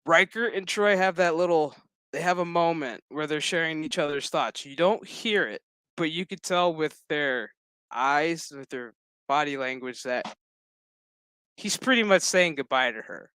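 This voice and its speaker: Dude swearing his way thru a tv review, bright crisp voice, bit high, dry sound. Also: measured pace, dry recording. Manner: profane, chatty, laughs often. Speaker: show reviewer. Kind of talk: casual spoken TV review.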